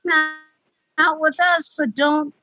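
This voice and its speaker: A woman's voice: high-pitched, level tone, slow pace, lo-fi sound. An older woman leading a casual group call, talking in a hesitant way with many restarts.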